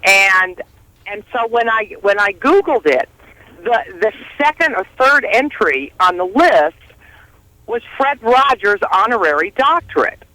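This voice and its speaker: A woman's voice: medium pitch, lively intonation, unhurried, pushed and bright, no echo, low-quality recording. A woman calling in by phone to a talk radio show, chatting casually in a rambling way with frequent restarts. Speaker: phone-in guest. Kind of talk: casual chat. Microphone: phone line.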